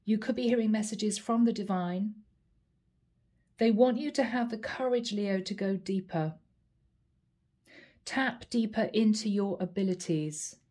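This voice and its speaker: A woman giving a channeled tarot reading, earnest and emotional, with frequent soft exclamations. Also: mid-range voice, unhurried, pauses often. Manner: earnest, repetitive spiritual phrasing. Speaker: tarot reader.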